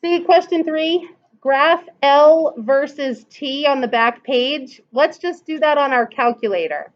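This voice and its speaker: The recording, dull and lo-fi, captures a woman whose voice sits high as she teaches a math class at a measured pace. She's patient, breaking calculator work into steps and checking in with the class through questions.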